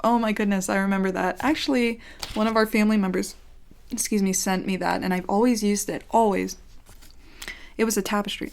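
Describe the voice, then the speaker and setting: A young woman talks straight into a close mic as she reads fan letters aloud. Her voice sits at an average pitch for a woman, and her delivery is chatty and affectionate. She slips into soft whispers from time to time. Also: steady tone, fairly quick, vocal fry. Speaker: ASMR channel host reading fan mail. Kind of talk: casual vlog chat, reading letters aloud.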